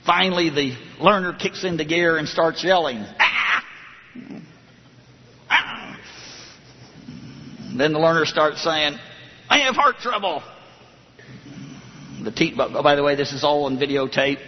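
A man lecturing in a dramatic storytelling manner, acting out the people he quotes and slowing down for emphasis. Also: on the high side, fairly even intonation, a little hiss or hum. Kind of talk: lecture retelling a psychology experiment. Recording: dull recording in a reverberant hall.

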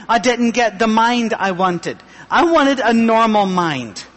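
High-voiced joking middle-aged man preaching. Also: lively intonation, slow pace, a bit bright, long reverb tail. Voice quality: high, thin voice. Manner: self-deprecating, joking. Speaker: pastor. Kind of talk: humorous sermon.

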